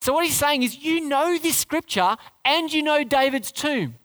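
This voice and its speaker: A woman's voice: sits high, expressive, normal speed, fairly bright tone. A woman preaching a sermon in an earnest, conversational way, asking rhetorical questions and repeating phrases for emphasis.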